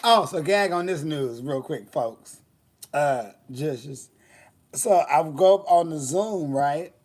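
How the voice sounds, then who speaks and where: A man with a slightly high voice, hosting a loose, chatty show. He tells bawdy stories with sass and theatrical asides, laughing often as he goes. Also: animated, slow pace, a little mellow. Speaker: host. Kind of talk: casual storytelling chat.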